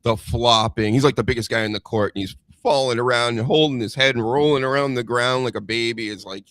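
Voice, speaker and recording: A man's voice: medium pitch, fairly quick, fairly bright tone, dry recording. A man with a mid-range voice gripes in casual podcast banter. He is dismissive and sweary. The recording is dry and close to the mic. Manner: griping, dismissive. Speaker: podcast co-host.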